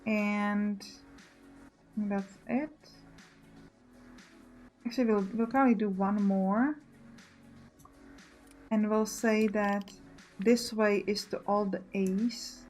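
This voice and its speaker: A woman's voice: medium pitch, fairly even intonation, slow, long pauses, darkish tone, faint music behind. A woman giving casual let's play commentary, thinking aloud and correcting herself as she plans.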